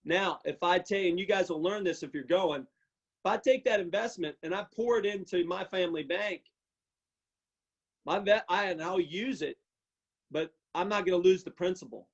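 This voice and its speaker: A man giving an emotional personal testimony on a video call, halting and repeating himself as he chokes up. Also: sits high, breathy edge. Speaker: testimony speaker. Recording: muffled video call audio.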